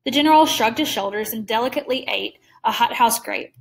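A woman reading a story aloud in a measured way, slowing down for suspense. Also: fairly high pitch, gravelly, far from the mic. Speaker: reader. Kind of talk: read-aloud story narration.

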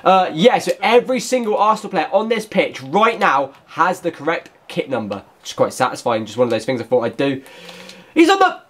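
A man commentating his own football gameplay for a video. His voice sits high and swings widely in pitch, and he gets excitable, shouting at the match as it unfolds. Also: fairly quick. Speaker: gaming YouTuber.

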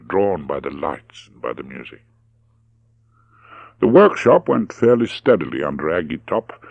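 Low gravelly male narrator. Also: no echo. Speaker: audiobook narrator. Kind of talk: scripted narration.

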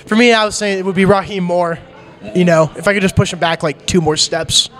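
A man with a notably high voice hosts a casual comedy podcast. He asks the questions and runs the segments in an upbeat, easygoing way, laughing easily along with his guest. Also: steady tone, fairly quick, a bit bright, faint music behind. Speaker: podcast host.

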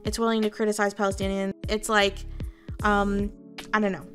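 A woman's voice: medium pitch, level tone, moderate pace, faint music behind. A Canadian woman streamer talking casually to her viewers, candid and rambling, swearing freely. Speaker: VTuber streamer.

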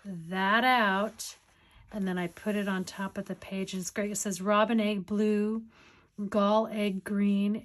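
A woman chatting casually in a crafting vlog, rambling and giggly while she shows off her finds. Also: mid-range voice. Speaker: crafting vlogger. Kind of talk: casual show-and-tell chat.

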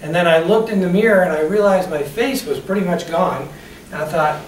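In a motivational talk on customer service, a man with a high-pitched voice speaks a little fast, sharing personal stories and putting questions to the audience. The mic sits at a distance in an echoey room, with a faint hiss underneath.

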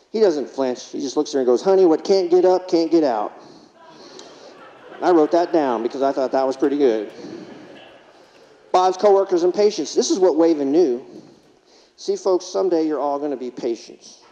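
A man with a slightly high, warm voice gives a humorous keynote in a conference hall, telling stories and acting out quotes from patients. The recording is lo-fi, with long hall reverb.

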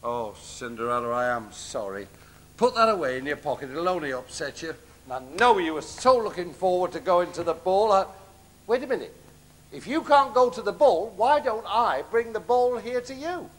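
A kindly, bumbling pantomime father who cracks puns and mutters asides, voice fairly high and lively in pitch. The performance is live theatre comedy. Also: normal speed. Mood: doting. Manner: gentle, punning, mumbling asides. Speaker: comic actor. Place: theatre stage.

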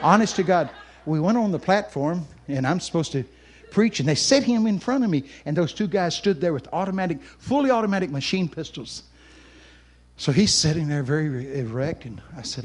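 A man preaching at a camp meeting with a fairly high voice. He tells his story with great animation, sometimes breaking into shouts and laughter. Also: animated, a little fast, some chatter behind. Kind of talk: storytelling sermon.

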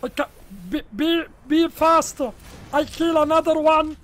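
An Italian man putting on a strange high voice in game chat, speaking slow, broken English and repeating his words. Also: level tone, a bit bright, a little hiss or hum. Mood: pleading. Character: man with strange squeaky high voice, pleading and earnest. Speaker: gaming YouTuber. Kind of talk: prank voice in online game chat.

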